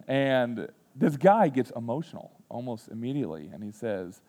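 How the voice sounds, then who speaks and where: Here a man in his thirties who leads student ministries delivers a storytelling sermon in an animated, medium-pitched voice at normal speed. He plays his stories for laughs at his own expense, performing the quotes, before turning hushed and sincere.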